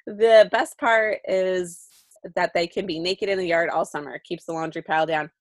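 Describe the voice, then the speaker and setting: A woman's voice: fairly low pitch, unhurried. Giggly, chatty woman podcast co-host. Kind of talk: casual chat.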